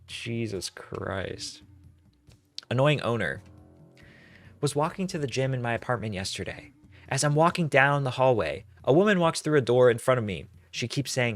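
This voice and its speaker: A man's voice: medium pitch, lively intonation, moderate pace, no echo, faint music behind. Young man, commentary host, sarcastic, exasperated, dry close sound. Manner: sarcastic, exasperated, lots of fillers. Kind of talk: casual commentary.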